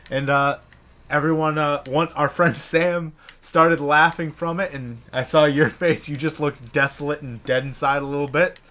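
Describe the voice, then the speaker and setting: A man co-hosting a casual gaming chat, telling a profane, animated story and acting out the people in it. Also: on the high side, moderate pace. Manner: profane, animated, acts out quoted bosses.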